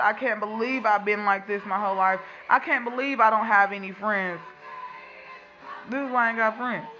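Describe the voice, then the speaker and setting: A Texan woman in her thirties vents on camera as a vlogger in a blunt, profane, emphatic rant that's unscripted. Her medium-pitched voice is bright and forceful.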